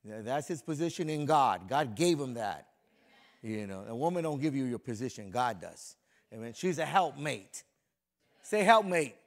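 A middle-aged man preaching a lively, folksy sermon as a pastor, joking with the congregation and swinging between soft and loud. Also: medium pitch, normal speed. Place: church sanctuary before a congregation.

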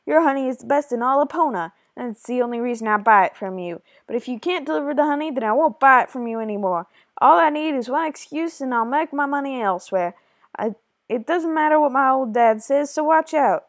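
A woman voicing a rude, bullying rancher man in a put-on Western accent, loud and threatening. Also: sits high, lively intonation, a little fast, no echo, studio quality, pitched above the performer's own voice. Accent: put-on American Western.

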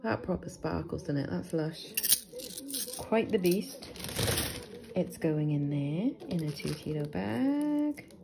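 A woman's voice: on the low side, expressive, slow, vocal fry. A British woman chatting to her viewers as she unboxes things, exclaiming over each find. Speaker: vlogger. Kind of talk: casual unboxing chat. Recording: rustling packaging noise.

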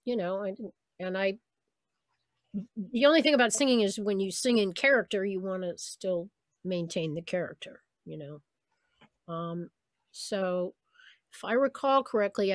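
A woman voice actress chats over a video call, animated and full of stories. Her voice sits mid-range and sounds close and dry. She now and then drops into quick impressions of people she remembers. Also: medium pitch, no echo. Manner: chatty, animated storyteller who slips into voices of people she quotes. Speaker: voice actress guest. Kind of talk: casual interview on a video call.

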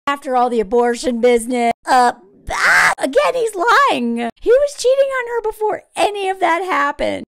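A woman's voice: high-pitched, very animated, moderate pace, creaky, hardly any pauses, a bit bright, slight background noise. A young woman, chatting opinionatedly through a movie reaction. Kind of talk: casual movie commentary.

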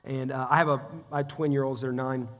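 Briskly and in a level tone, a man in his thirties or forties delivers a sermon, chatting and joking directly with the congregation. His mid-range voice is fairly bright. The sanctuary gives the recording a long church-hall reverb.

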